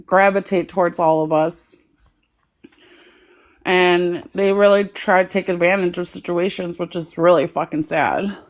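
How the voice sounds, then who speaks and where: Frank, foul-mouthed woman host. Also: on the low side. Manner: frank, swearing, bitter. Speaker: live stream host. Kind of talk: casual chat.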